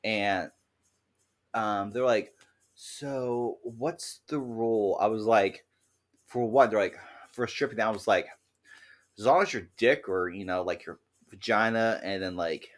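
A man co-hosting a podcast, telling animated stories in casual chat and swearing freely. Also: lowish voice, measured pace, pauses often. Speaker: podcast co-host.

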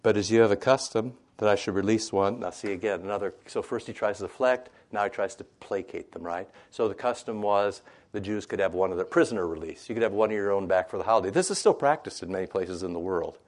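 A man's voice: sits low, quick pace. A man giving an informal scripture lesson, chatty and conversational, retelling the story in everyday modern language and often checking in with "right?". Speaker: Bible teacher.

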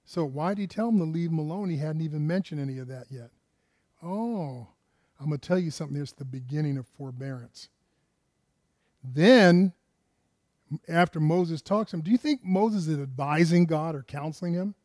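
A man delivers a conversational sermon, firing rhetorical questions at listeners and often repeating words and restarting phrases. His voice is a little high and darkish, at normal speed. The recording is dry with clean studio sound.

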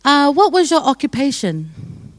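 A woman's voice: high voice, big pitch swings, unhurried, dry recording, voice pushed up. A woman voicing a kindly, curious male gatekeeper of heaven who asks questions with eager surprise in a spoken joke.

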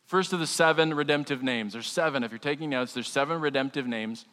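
A man's voice: medium pitch, fairly quick, pushed and bright, long reverb tail. A man, a pastor, preaching a sermon in a casual, humorous way with frequent restarts.

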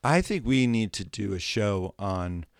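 A man co-hosting a podcast, talking in a reflective, measured way. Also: lowish voice, lively intonation, clear, resonant tone, no echo, studio quality. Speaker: podcast co-host. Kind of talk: casual discussion.

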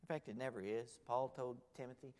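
A man preaches a sermon in a church, with a middle-range voice. He tells his stories dramatically, rising to loud exclamations and then sinking to hushed, near-whispered lines. His voice rings out with the long reverb of a large hall. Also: mid-range voice, steady tone, brisk. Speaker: pastor.

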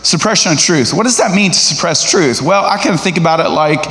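A middle-aged man preaching a sermon in a church sanctuary, his voice sitting a little higher than most men's. He talks in a lively, conversational way and puts questions to the congregation. The sound carries a long, roomy hall reverb from the stage mic. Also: brisk. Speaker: guest preacher.

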